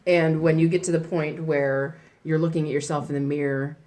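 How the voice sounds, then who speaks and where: A woman's voice: sits low, fairly even intonation, moderate pace, warm tone. A woman in her forties, co-hosting a casual chat and speaking candidly. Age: 40s.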